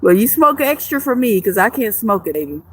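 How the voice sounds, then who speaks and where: A woman's voice: on the high side, sing-song, fairly quick, fairly bright tone, breathy edge. A woman live streamer chatting casually with viewers, joking and swearing freely, rambling with frequent restarts. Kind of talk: casual livestream chat reading viewer comments.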